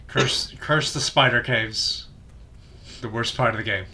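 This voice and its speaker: A man's voice: mid-range voice, a little slow, sharp tone. A man streaming a video game, chatting casually with friends and muttering self-deprecating jokes while he searches. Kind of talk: casual gameplay commentary with friends.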